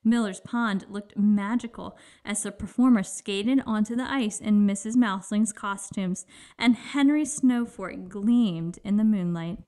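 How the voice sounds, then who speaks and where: Woman narrator for a children's read-aloud, expressive storyteller, mid pitch. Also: unhurried.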